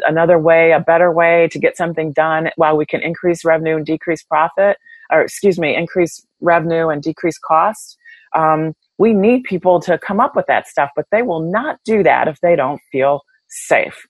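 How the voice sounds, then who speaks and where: A woman's voice: deep voice, no room sound, low-quality recording. Candid woman guest, dry close sound. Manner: candid, reflective storytelling with many fillers and restarts. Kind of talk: conversational interview.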